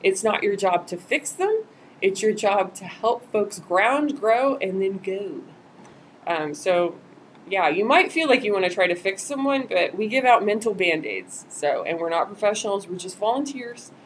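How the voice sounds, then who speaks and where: A woman's voice: medium pitch, animated, normal speed, slight background noise, rough recording. A woman volunteer trainer giving a casual live-streamed training talk, acting out example quotes as she goes.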